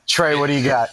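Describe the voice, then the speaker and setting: A man's voice: mid-range voice, noisy background. A man hosting a podcast, casual and teasing with crude jokes. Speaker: podcast host.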